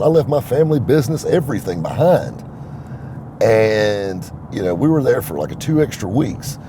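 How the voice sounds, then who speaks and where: Middle-aged guy with a drawl spinning a yarn, voice bouncing all over, traffic noise behind. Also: mid-range voice. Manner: folksy, animated, quotes others in his own voice. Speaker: vlogger, used car dealer. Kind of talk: casual storytelling to camera.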